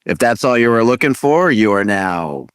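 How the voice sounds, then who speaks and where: A man hosting a sports betting podcast, reading quick stats with a wry, dry sense of humor. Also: fairly low pitch, sing-song, very noisy. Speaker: podcast host. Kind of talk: casual podcast segment hosting.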